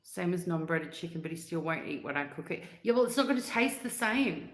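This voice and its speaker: A woman hosts a casual livestream, reading comments and chatting upbeat with viewers, laughing often and humming snatches of songs. Her voice is lowish, animated and fairly quick, with a roomy sound.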